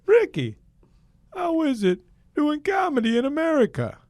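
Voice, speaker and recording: A man putting on a shrill, nasal comedian host for improv comedy, pitched far above his own voice and pushed loud. The delivery is over the top and exclaiming, in a dry, close sound. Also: huge pitch swings, moderate pace, no echo, full character voice. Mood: excited. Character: excitable, high-pitched male celebrity comedian host.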